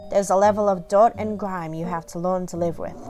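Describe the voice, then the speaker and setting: A woman's voice: fairly low pitch, fairly even intonation, fairly quick, music in the background, close to an everyday voice. A woman voicing a haughty, dismissive homeowner in a visual novel, curt and condescending as she reads the dialogue aloud. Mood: disdainful.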